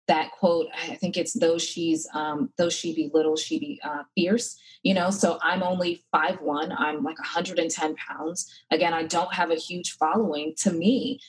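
A woman's voice: fairly low pitch, slightly rough, low-quality recording. A woman in her thirties, a podcast guest, telling her story earnestly and with feeling, with many fillers and restarts. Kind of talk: casual interview talk.

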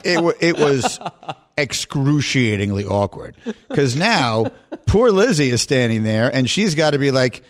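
A middle-aged man hosting a sports talk show, telling a story with lively quoted voices. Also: a little slow. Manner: animated storyteller, voice jumps high when quoting. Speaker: sports radio host.

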